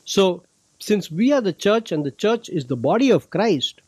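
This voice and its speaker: High-voiced man teaching a Bible lesson. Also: big pitch swings, normal speed, darkish tone, breathy edge, no room sound, low-quality recording. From India. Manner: patient, explanatory, checks understanding with "okay?". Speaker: youth ministry director teaching a Bible club.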